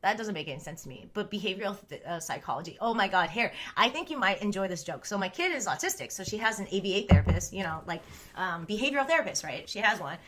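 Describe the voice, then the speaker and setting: A woman's voice: mid-range voice, lively intonation, fast talker, a bit bright. A woman in her thirties chatting casually on a live stream, rambling and oversharing, full of "like" fillers and the odd swear.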